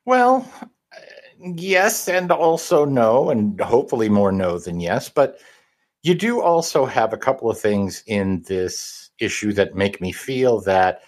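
A man co-hosting a casual comic review chat, measured and analytical. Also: lowish voice, lively intonation, darkish tone. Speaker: podcast co-host.

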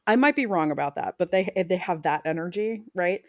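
A woman's voice: fairly low pitch, expressive, a little fast. A woman co-hosting a casual podcast, working through guesses aloud in a wry way. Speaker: podcast co-host. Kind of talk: casual chat.

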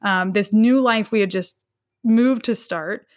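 During an interview, an academic woman in her thirties earnestly recounts a personal story, stumbling and restarting many times. Her voice is medium in pitch.

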